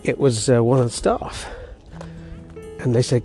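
A man's voice: mid-range voice, measured pace, dark tone, soft background music. A man hosting a podcast, telling a rambling story outdoors while walking his dog and breaking off to talk to it. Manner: rambling, self-interrupting, chatty with his dog. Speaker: podcast host. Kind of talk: casual storytelling monologue.

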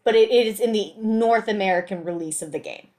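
A woman's voice: medium pitch, a little fast, a little mellow. A woman co-hosting a casual podcast chat, explaining game trivia in a chatty, matter-of-fact way. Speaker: podcast co-host.

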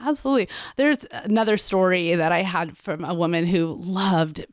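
A woman's voice: on the low side, normal speed, no room sound, clean studio sound. A woman speaking candidly as a guest in casual conversation, acting out what she says to people. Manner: candid, animated, acts out quotes. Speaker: guest, program director.

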